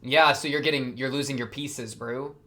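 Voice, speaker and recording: A man hosting an anime reaction video, talking back to the screen and swinging from quiet muttering to excited outbursts. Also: medium pitch, normal speed. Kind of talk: casual anime reaction commentary.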